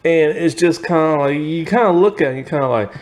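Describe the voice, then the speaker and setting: A man giving a casual spoken video review of a TV series, rambling, filling pauses with fillers and laughing often. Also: a little high, crowd noise.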